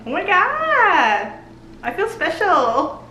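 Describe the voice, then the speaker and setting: A woman giving a live reaction commentary, gushing and excitable as she talks back to the screen. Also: very high voice, extremely slow. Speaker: book and TV reviewer. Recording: roomy echo, faint hiss.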